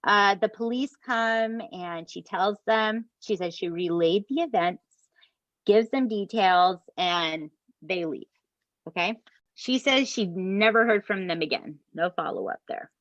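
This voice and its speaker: A woman's voice: medium pitch, a little slow, no echo. Woman, chatty true crime podcast host, dull dry sound. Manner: animated, swears, addresses listeners as "you guys". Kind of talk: true crime storytelling chat.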